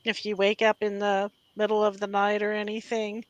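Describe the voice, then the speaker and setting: A woman guest on a podcast, chatting casually, giggling and giving gentle advice. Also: mid-range voice, completely flat delivery, moderate pace, dry recording. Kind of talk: casual chat.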